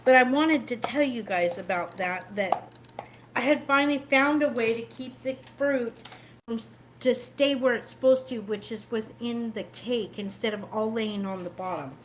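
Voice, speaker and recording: A talkative woman hosting a home cooking stream, her voice sitting a little high. She walks through each step as she works. The audio carries a steady layer of background noise. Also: normal speed, low-quality recording. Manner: chatty, explains each step while cooking. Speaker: cooking show host. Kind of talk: casual cooking livestream.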